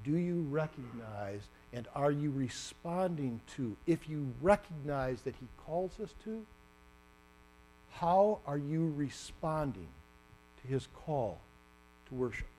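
A man preaching a sermon, animated and acting out the story with sudden loud bursts. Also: fairly high pitch, slow pace, slight background noise.

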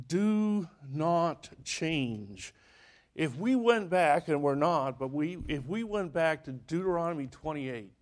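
A male preacher delivering a sermon in a high, lively voice that swings widely in pitch. He tells the story slowly and deliberately, acting out the people in it as he goes. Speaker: pastor.

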